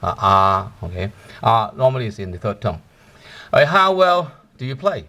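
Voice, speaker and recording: A man's voice: medium pitch, big pitch swings, normal speed, sharp tone. A man teaching a language lesson, explaining patiently with many fillers and tag questions.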